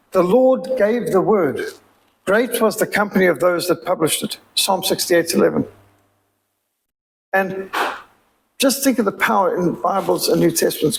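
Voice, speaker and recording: A man's voice: sits high, creaky, a little hiss or hum, low-quality recording. A man with a Rhodesian accent giving an emphatic, preacherly sermon-style appeal as a missionary speaker. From Zimbabwe.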